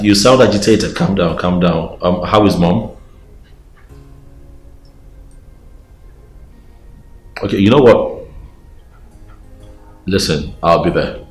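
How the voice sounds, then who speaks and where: A man's voice: lowish voice, roomy sound. An actor playing a young man pleading with his friend, with a Nigerian accent. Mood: concerned. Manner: pleading, coaxing. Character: pleading young man, wooing a respectful girl.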